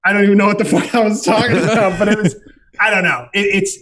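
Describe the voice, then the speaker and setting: A man's voice: high-pitched, fast, fairly bright tone. A man guesting on a podcast as a comedian, telling rambling, profane, self-mocking stories in casual chat.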